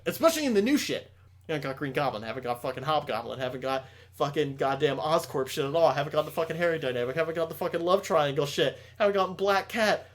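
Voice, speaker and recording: An excitable man talking in a relaxed podcast chat, with a fairly high voice that climbs as he gets worked up. He swears constantly and bursts into loud rants, then drops back down to a quieter retelling. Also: quick pace. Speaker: podcast co-host. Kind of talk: casual chat.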